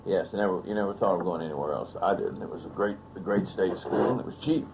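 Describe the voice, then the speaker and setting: Deep-voiced and quick, an older man from Texas savors spinning family stories in an oral history storytelling interview, a true raconteur. Faint hiss runs through the archival audio.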